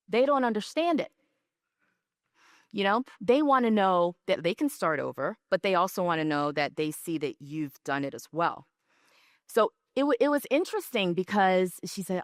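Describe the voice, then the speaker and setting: A woman speaking at a business session in a lower register, recorded dry with almost no room sound. She talks in a conversational, storytelling way and keeps checking in with her listeners. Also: animated, moderate pace, dry recording. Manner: storytelling, checks in with "right?" and "okay?". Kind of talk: conversational presentation.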